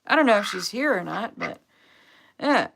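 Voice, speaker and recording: Woman, young adult, vlogger, chatty and rambling, some vocal fry, middle pitch. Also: animated, normal speed, fairly bright tone. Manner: chatty, rambling, upbeat with fillers. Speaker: vlogger, duck owner. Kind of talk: casual livestream storytelling.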